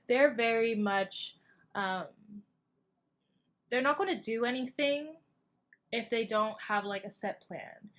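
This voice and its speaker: A woman's voice: fairly high pitch, fairly bright tone. A young woman talks through a tarot reading in a casual, rambling way, full of fillers and asides. She sounds tired and keeps things loose and friendly. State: tired, yawning. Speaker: tarot reader.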